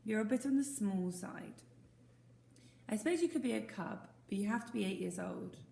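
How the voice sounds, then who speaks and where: A woman's voice: mid-range voice, normal speed, vocal fry, warm tone, natural voice. A woman voicing a cheerful, confident young Boy Scout who talks in a breezy, teasing way. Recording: roomy echo.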